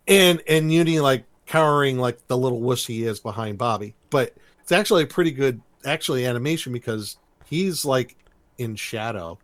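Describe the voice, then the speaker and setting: A man talking through a cartoon episode on a podcast, rambling and animated as he retells each scene. His voice sits at a middle pitch. The recording is close and dry, with no room sound. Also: moderate pace, no echo. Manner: rambling, animated storytelling with laughs. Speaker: podcast co-host. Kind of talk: casual chat recapping a cartoon episode.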